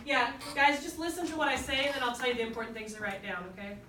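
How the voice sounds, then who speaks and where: A woman's voice: on the high side, fast talker. A woman teacher leading a class, firmly repeating key points for students to write down. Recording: echoey classroom from far off, noisy.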